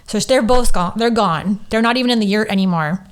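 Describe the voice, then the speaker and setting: Podcast host, female, smooth voice, mid pitch; candid, emotional storytelling, fighting back tears, salty language. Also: brisk. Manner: candid and emotional, swears freely. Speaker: podcast host and Reiki teacher. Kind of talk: personal storytelling monologue.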